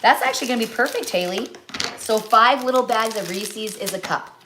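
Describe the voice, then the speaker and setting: Against a noisy background, a middle-aged woman speaks fairly quickly at a fairly high pitch. A cookbook author, she hosts a casual live cooking stream, chatting and rambling with many fillers and side remarks.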